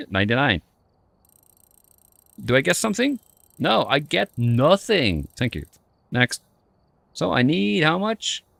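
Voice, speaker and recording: A man's voice: lowish voice, a bit bright, no echo. A man giving casual gameplay commentary as a streamer, playful and self-mocking, muttering to himself as he plays. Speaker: streamer playing a ghost-hunting game. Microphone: headset.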